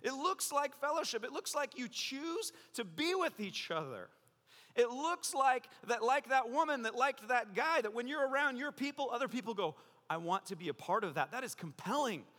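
Animated, high-voiced man preaching a sermon. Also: moderate pace, long reverb tail. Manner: playful, jokey, animated preaching. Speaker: pastor.

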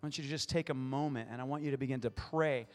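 A man's voice: medium pitch, fast, darkish tone, long reverb tail, faint music behind. A male pastor preaching a playful sermon, acting out short voices in his stories.

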